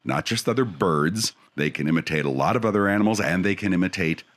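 A man hosting a wildlife segment on the radio, explaining animal facts in an animated, chuckling way. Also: deep voice, fast.

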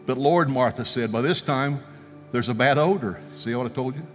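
Animated male preacher in a reverberant church. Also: mid-range voice, moderate pace. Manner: animated storyteller, acting out quotes, ending in prayer. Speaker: guest speaker. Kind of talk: sermon storytelling. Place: church sanctuary. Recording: long reverb, music faintly behind.

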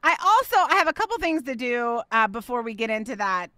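Bright, emotional middle-aged woman podcast host. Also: on the high side, sing-song, brisk, dry recording, studio quality. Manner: emotional, effusive, with many restarts. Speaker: podcast host and ministry leader. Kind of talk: faith podcast monologue.

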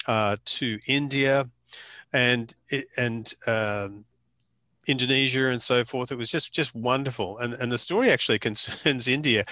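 A man's voice: medium pitch, bright, forceful tone, no room sound. A man, a photographer, casually telling a long anecdote to a small group, with frequent restarts and dry humor.

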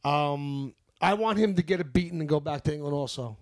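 A young man with a New York accent, talking in a casual chat and heating up into profane rants. His voice sits notably high for a man. He swears freely and pushes his points hard. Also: a little fast. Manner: profane, heated ranting. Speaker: podcast co-host.

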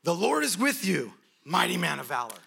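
A man voicing a calm, commanding angel messenger who talks bluntly. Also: sits high, normal speed, creaky, husky, heavily acted.

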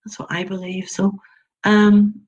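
An Irish woman being interviewed about storytelling, emphatic and sincere, circling back to repeat what she means. Her voice is husky and a little breathy. The audio is somewhat dull and lo-fi. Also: mid-range voice, level tone, measured pace, darkish tone. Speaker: storyteller guest. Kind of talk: interview conversation.

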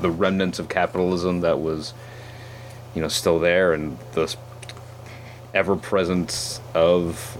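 A man with a very low voice speaks as a podcast guest. He talks thoughtfully and hedges his opinions modestly, over a faint noise floor. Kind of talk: casual film podcast chat.

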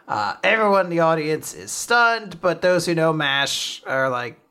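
Animated woman retelling a story. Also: sits low, unhurried, clean tone. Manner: animated retelling, acting out quotes with laughs. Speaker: podcast co-host recapping manga. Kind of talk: casual chat.

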